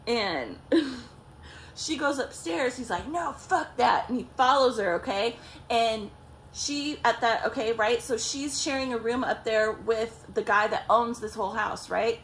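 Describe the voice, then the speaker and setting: A woman's voice: on the high side, measured pace, slight background noise. A young woman vlogger telling a story casually, swearing a lot and acting out what people said. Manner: profane, animated, acts out quotes.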